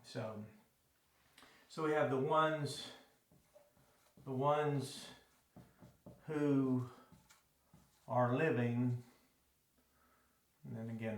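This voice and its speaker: A man's voice: medium pitch, little pitch movement, slow pace, pauses often. Rambling man from Arkansas teaching Greek. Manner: rambling, self-correcting, folksy asides. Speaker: Bible teacher. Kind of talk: classroom Greek lesson. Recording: echoey room.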